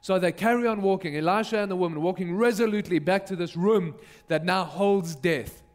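A man's voice: sits high, a little fast. A male pastor retelling a Bible story in a sermon, vividly narrating and acting out the characters.

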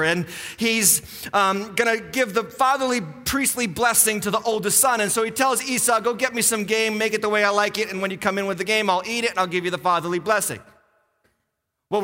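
A man from western Massachusetts, a pastor preaching a sermon and telling the story with animated voices for the characters. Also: high-pitched. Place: church sanctuary. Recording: long hall reverb.

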